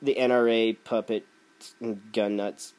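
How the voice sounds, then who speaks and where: A man's voice: fairly low pitch, flat delivery, unhurried, a little mellow, clear, resonant tone. A man delivering a sarcastic, ranting opinion commentary. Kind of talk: opinion rant video.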